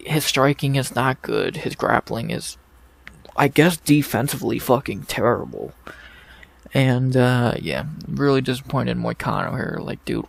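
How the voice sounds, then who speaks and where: A man's voice: medium pitch, vocal fry, no echo. A man hosting a casual fight recap, blunt and profane, ranting in exasperation into a desk microphone. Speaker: MMA podcast host.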